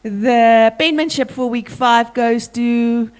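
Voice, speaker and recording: A high-voiced woman with a South African accent addresses a school assembly, commanding and playful. She calls pupils forward and drills them with energy. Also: slow pace, clean tone. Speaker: teacher leading a school assembly.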